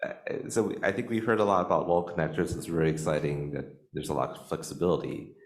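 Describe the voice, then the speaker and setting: Very deep man posing a question. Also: quick pace, reverberant. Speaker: audience member asking a question. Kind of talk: conference Q&A.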